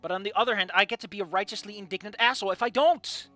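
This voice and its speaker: A man reading fan fiction aloud and breaking off into excitable, jokey asides and rants. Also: sits high, very fast, hardly any pauses, no room sound, soft background music. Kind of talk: casual live commentary.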